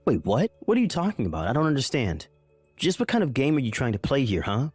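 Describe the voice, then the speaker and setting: A man's voice: medium pitch, very animated, fast, a little mellow, husky, no echo, faint music behind. A man voicing a confused young husband in a dramatized story, pleading and anxious. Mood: bewildered. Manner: confused, pleading, rising alarm.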